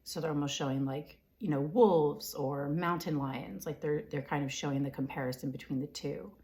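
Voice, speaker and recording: A woman giving a live spiritual reading, relaying impressions in halting, repetitive phrases, often whispering her questions softly to herself and clearing her throat. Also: low-pitched. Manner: frequent fillers and throat-clearing. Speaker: intuitive reader.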